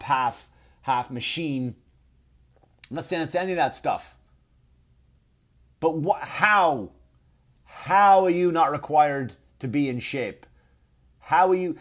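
A man delivering a profane comedic rant, animated and repetitive, often stumbling over his words. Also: a little high. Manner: animated, profane, repeats himself. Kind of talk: ranting comedic monologue.

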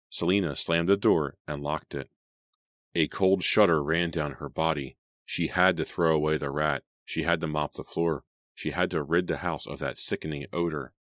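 Very deep-voiced male narrator. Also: a bit bright, no echo, studio quality. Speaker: audiobook narrator. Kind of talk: scripted horror narration.

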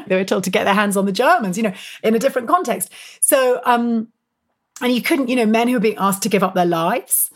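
A woman historian talking as an interview guest, telling stories in an animated, emphatic way full of fillers and quick self-corrections. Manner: animated, emphatic storyteller with frequent rises in pitch and loudness. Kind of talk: conversational interview storytelling.

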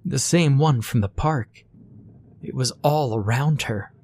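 A man's voice: mid-range voice, slow pace, a little mellow, a little hiss or hum, voice pushed up. A man voicing a frightened, grieving mother who talks in a trembling, shaky voice, holding back tears. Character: frightened grieving mother, middle-aged woman.

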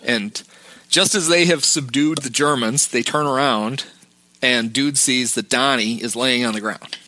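A man's voice: mid-range voice, a little slow, bright, forceful tone, dry recording. A man hosting a podcast, casually recapping film scenes and quoting dialogue. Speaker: podcast host.

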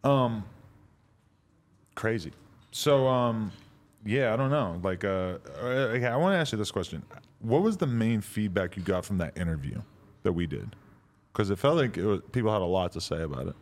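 A man's voice: lowish voice, animated, moderate pace. A man hosting a casual podcast interview, rambling and swearing, laughing often. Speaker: podcast host.

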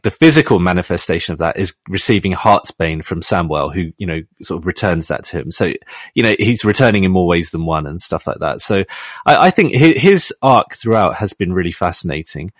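A man in a casual TV review chat, talking in a measured way and hedging with fillers. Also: sits low, expressive, no room sound.

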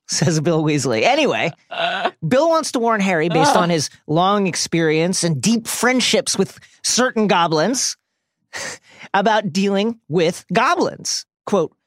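A man's voice: high-pitched, big pitch swings, slow, no room sound, clean studio sound. A man co-hosting a podcast, reading a scripted book recap with wry, joking asides. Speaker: podcast co-host.

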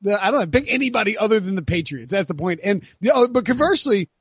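A man hosting a casual sports podcast, talking in an animated way with lots of fillers and restarts. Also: high voice, fast talker, slightly rough, dry recording, dull audio. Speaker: podcast host.

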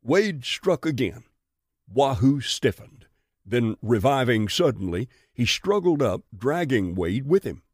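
A man narrating a western audiobook in a measured, steady reading. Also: mid-range voice, slightly rough, dry recording, studio quality.

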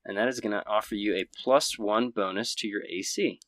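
A man's voice: on the low side, a little fast, a bit bright, no echo, poor audio. A man narrating as game master in a casual, rambling way with many fillers.

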